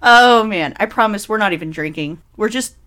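A woman's voice: medium pitch, animated, moderate pace, a bit bright. A woman from Texas, co-hosting a podcast in a giggly, chatty, rambling way. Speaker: podcast co-host. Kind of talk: casual chat.

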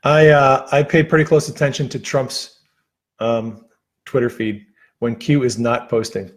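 A man's voice: medium pitch, steady tone. Man rambling on a livestream. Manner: rambling, halting, with many fillers and restarts. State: losing his voice. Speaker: livestream host. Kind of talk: casual livestream chat.

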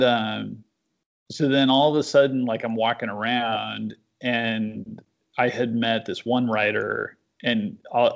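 Podcast guest: man, gravelly voice, loose rambling delivery, dull recording. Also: medium pitch, fairly bright tone. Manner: rambling storyteller with many fillers. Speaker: guest comic book writer. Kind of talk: casual podcast chat. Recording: dull lo-fi sound.

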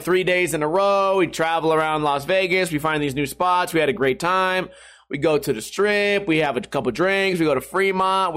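His voice runs a little high with a fairly bright tone. The young man, a skateboarding vlogger, talks directly to the camera in a loose, sarcastic, swear-filled monologue, venting about his internet and skating.

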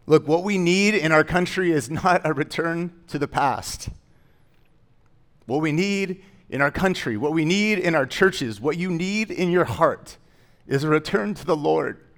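A man preaching from the pulpit in a somewhat higher voice. He talks conversationally, tossing in joking asides, then builds to emphatic, punchy declarations for his congregation. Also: a little slow, a bit bright. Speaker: pastor. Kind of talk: sermon.

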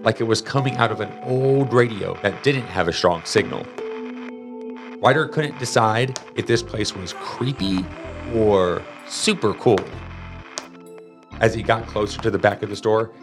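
Animated man reading a storybook. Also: fairly low pitch. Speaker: narrator.

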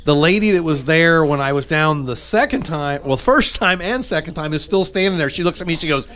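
Laughing storytelling radio host. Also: male voice, on the high side, expressive, a little fast, fairly bright tone. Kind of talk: storytelling banter.

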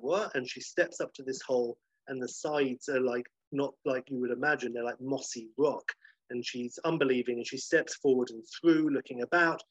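Casual, animated storyteller; husky man, dry dull lo-fi sound. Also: mid-range voice, no room sound. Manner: animated, casual fillers like "you know". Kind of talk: improvised story narration. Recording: dull lo-fi recording.

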